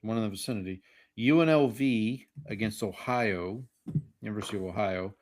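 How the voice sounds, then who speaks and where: A man co-hosting a relaxed sports podcast, running through college bowl games and betting lines. He talks in a wry, joking way and mocks the sponsor names as he goes. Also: on the low side, normal speed, slight background noise. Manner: wry, reads bowl matchups and picks. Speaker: podcast co-host. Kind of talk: casual sports betting chat.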